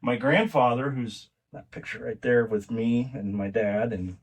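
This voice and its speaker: A man's voice: medium pitch, a little slow, distant mic. A middle-aged man, a podcast guest, telling family stories in a casual, rambling way with many restarts. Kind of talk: casual conversational storytelling.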